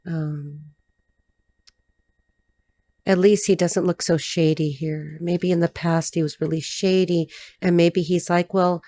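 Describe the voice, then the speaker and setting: Blunt, excitable woman reading tarot. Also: fairly low pitch, takes it slowly, long pauses, dry recording. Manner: blunt, excitable, swearing, talks to the cards. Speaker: tarot reader. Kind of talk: casual tarot reading to camera. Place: dim room indoors.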